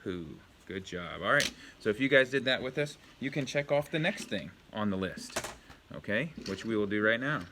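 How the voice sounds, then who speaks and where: A man's voice: lowish voice, expressive, moderate pace, background noise. A male elementary school teacher giving a home video lesson to young pupils, patiently asking questions and praising the answers.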